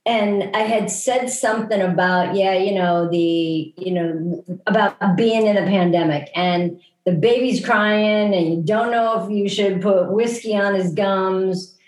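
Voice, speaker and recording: A woman's voice: mid-range voice, a little slow, echoey room, rough recording. A woman co-hosting a podcast, speaking earnestly in casual chat and searching for her words. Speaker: podcast co-host.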